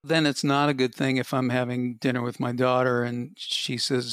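Gravelly-voiced man hosting a podcast. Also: medium pitch, flat delivery, normal speed, fairly bright tone, dry recording. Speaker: podcast co-host. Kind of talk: casual podcast chat.

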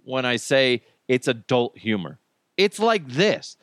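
A man's voice: mid-range voice, very animated, slow pace, fairly bright tone, no room sound, studio quality. A middle-aged man hosting a podcast, telling stories in casual, profane chat and laughing often. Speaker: podcast host.

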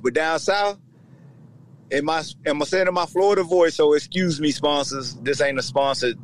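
A middle-aged man from Virginia hosting a casual sports podcast, talking in slang, joking and mimicking other people. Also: a little high. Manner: animated, slangy, jokes and voices people. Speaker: podcast host, former player.

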